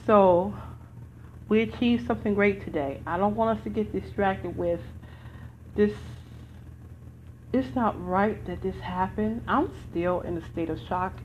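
A woman's voice: fairly low pitch, slight background noise. Earnest woman talking, muffled recording. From United States. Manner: earnest, rambling, with restarts. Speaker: podcast host. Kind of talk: casual spoken commentary.

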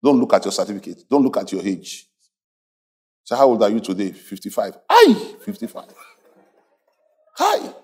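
A man preaching a sermon as a pastor, animated, laughing often and calling on the congregation to repeat after him. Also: fairly low pitch, a little fast. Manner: animated preaching with call-and-response and frequent laughter.

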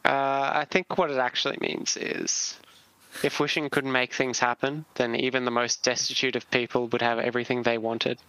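A man's voice: medium pitch, flat delivery, moderate pace, pushed and bright, clear, resonant tone, no echo, low-quality recording. A man co-hosting a podcast, speaking in a dry, matter-of-fact, teasing way. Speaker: podcast co-host. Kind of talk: casual banter.

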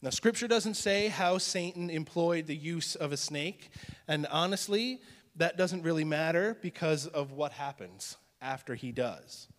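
A male pastor preaching a sermon in a conversational teaching style, dropping to a hushed voice for emphasis. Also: on the high side, unhurried, long reverb tail.

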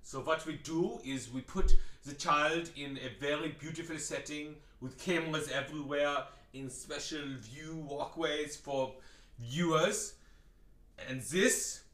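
A man co-hosting a comedy podcast, lecturing in a grandiose deadpan way and ending points with a questioning "yeah?". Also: fairly high pitch, unhurried, roomy sound, recorded from a distance. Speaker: podcast co-host.

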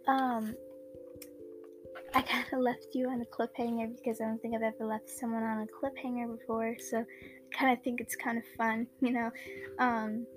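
A woman's voice: a little high, little pitch movement, moderate pace, over music. A woman hosting a fan fiction podcast, chatting casually with many fillers, tired after a sleepless night, on an old cheap microphone. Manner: chatty, filler-heavy, apologetic. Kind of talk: casual chat and story reading. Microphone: old low-quality microphone.

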